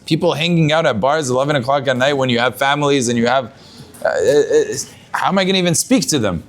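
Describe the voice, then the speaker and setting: A man's voice: mid-range voice, expressive, fast. A man giving a Torah talk as a rabbi, telling a story with Hebrew terms mixed in and often restarting his phrases.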